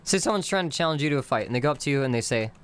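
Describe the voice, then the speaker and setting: A man teaching his constructed language on a live stream, in a slow, explanatory way that breaks phrases into their literal word-by-word meanings. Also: medium pitch, expressive, clean tone.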